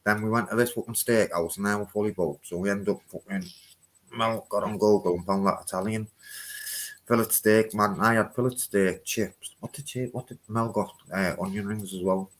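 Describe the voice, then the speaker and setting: Scouse guy, lower register, loud and constantly swearing, casual stream guest. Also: fairly even intonation, moderate pace, rough recording. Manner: swears constantly, banters loudly. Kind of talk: casual chat.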